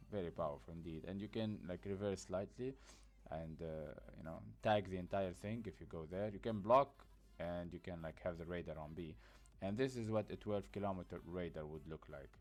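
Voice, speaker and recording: A man with a very low voice talks through a game map in loose, casual tutorial style. He sounds sleepy, like he just woke up, and he is blunt and rambling, leaning on fillers between points. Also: moderate pace. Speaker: gaming guide creator. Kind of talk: casual gameplay tutorial commentary.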